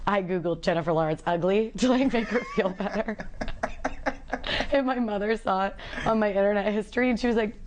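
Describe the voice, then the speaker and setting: A young woman in her twenties talks openly as a talk show guest, breaking into laughter between lines. Her voice sits at a middle pitch. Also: a little fast, a little mellow, slight background noise. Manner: laughing, candid storyteller. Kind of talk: casual chat.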